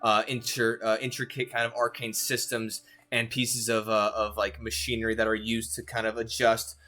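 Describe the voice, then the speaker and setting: A man's voice: lowish voice, completely flat delivery, normal speed, sharp tone, faint music behind. A man narrating as game master of a tabletop game, rambling with lots of fillers.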